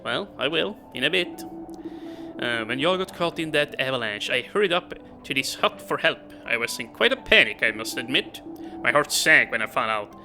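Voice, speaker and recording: A man's voice: mid-range voice, expressive, normal speed, over music, poor audio. A man commentating a game casually, reading the text aloud and laughing often. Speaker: let's play gamer.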